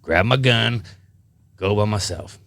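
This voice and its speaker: A man chatting casually on a podcast, telling profane, animated stories full of fillers. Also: lowish voice, slow pace, dry recording. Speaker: podcast host. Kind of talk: casual chat, storytelling.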